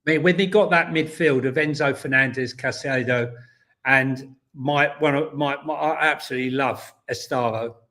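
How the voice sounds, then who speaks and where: A man's voice: mid-range voice, moderate pace, pushed and bright. A man, co-hosting a casual football podcast, rambling through stories with many ums and restarts. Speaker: co-host.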